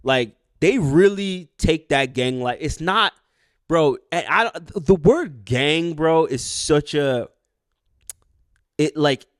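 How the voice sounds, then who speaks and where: A man with a fairly high, animated voice speaks slowly in a dry, clean studio recording as a podcast co-host. In casual chat he tells a long, rambling story full of fillers and street slang, often quoting people along the way.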